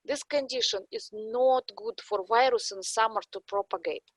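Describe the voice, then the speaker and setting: High-voiced woman with a thick Russian accent. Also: sing-song, normal speed, gravelly, dry recording. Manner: lecturing, explains step by step with examples. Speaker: expert guest. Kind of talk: podcast interview, explaining.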